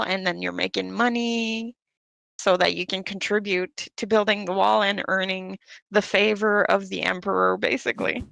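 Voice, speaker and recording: A woman's voice: medium pitch, steady tone, normal speed, vocal fry, a bit bright, no echo. A woman chatting casually during an online board game session, explaining rules with plenty of fillers. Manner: explains with lots of fillers and restarts.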